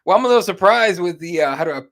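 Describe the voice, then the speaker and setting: Easygoing man from Arizona, slightly high voice. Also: animated, rapid-fire, a bit bright. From Arizona, USA. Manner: easygoing, laughs often, agreeable. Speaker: podcast co-host reading live chat. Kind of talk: casual podcast chat.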